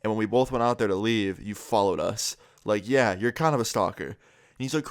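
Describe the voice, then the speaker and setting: A man's voice: on the low side, fairly quick, dry recording, studio quality. A young man telling a story to his vlog audience in a casual way, acting out the lines of the people in it. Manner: animated retelling, acting out quotes.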